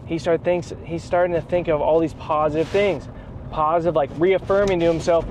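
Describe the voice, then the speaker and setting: A man vlogging in a casual, animated storytelling way, full of slang like bro and dude. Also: fairly high pitch, normal speed, slight background noise. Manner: excited, animated retelling. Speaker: vlogger, athlete.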